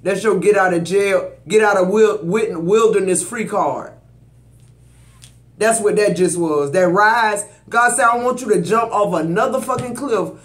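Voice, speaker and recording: Preachy tarot reader in a roomy space. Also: male voice, sits high, a bit bright. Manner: preachy, emphatic, addresses viewers directly. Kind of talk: spiritual tarot reading. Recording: roomy echo.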